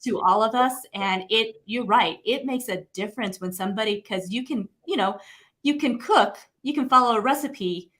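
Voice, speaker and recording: A woman's voice: a little high, moderate pace, a bit bright. A woman hosting an interview, effusive and full of praise for her guest. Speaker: host.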